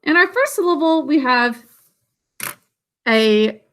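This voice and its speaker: Slow, bright-voiced woman teacher. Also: high voice, lively intonation, a little hiss or hum. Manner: slow, clear, sounds words out syllable by syllable. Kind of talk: online spelling lesson for children.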